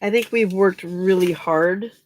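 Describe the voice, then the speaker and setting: Slow-talking, yawning woman streamer. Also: fairly low pitch, slight background noise. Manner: relaxed, chatty, talks to viewers by name. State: tired, yawning. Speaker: livestream host. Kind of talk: casual late-night crafting livestream chat.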